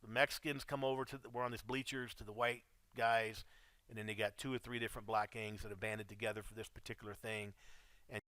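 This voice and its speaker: A man's voice: lowish voice, little pitch movement, quick pace, pushed and bright, no echo. A middle-aged man telling his life story in a casual, blunt, profane way, calling the listener dude.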